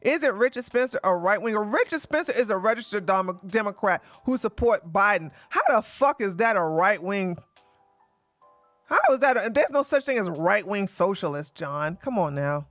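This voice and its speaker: A man's voice: sits high, expressive, normal speed, a bit bright, dry recording. Combative guy ranting on his stream, swears a lot, dry close sound, faint music under it. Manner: combative, profane, mocking; repeats lines for emphasis, laughs scornfully. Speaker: livestream host. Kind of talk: livestream commentary rant.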